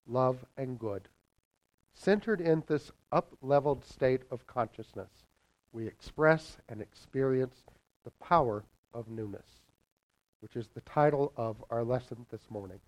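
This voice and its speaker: A man preaching a morning lesson as a minister, telling a parable with expressive shifts in loudness for emphasis. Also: mid-range voice, muffled recording. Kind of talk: sermon with a told parable.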